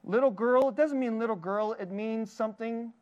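Male pastor, high voice, earnest sermon delivery, warm laughs, gentle quiet dips. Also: moderate pace, highs cut off. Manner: earnest, tender preaching with frequent laughs and soft dips.

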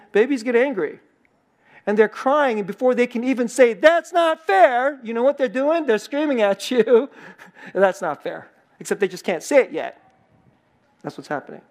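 A pastor giving a sermon in a conversational way, laughing often and repeating key phrases for emphasis. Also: medium pitch. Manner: acts out short quoted lines in a changed voice.

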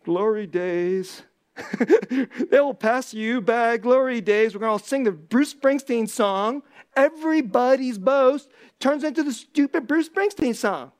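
Delivering a sermon, this pastor speaks a little slowly but stays intense, laughing often, slipping into quiet asides and swelling into loud outbursts.

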